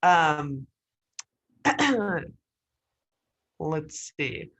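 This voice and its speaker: A woman instructor giving an online writing class in a joking, lively way, over a video call. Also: deep voice, drawn-out words, husky, rough recording.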